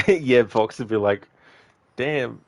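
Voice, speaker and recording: Male game streamer, lower voice, easygoing chat with viewers, quick to laugh. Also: a little hiss or hum. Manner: chatty, laughs often, chats to viewers by name. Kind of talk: casual livestream chat while gaming.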